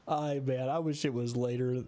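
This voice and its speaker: A man's voice: medium pitch, mellow. A tired young man streaming a game, chatting casually and being goofy. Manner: goofy, reads dialogue aloud in put-on voices. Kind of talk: casual gameplay commentary.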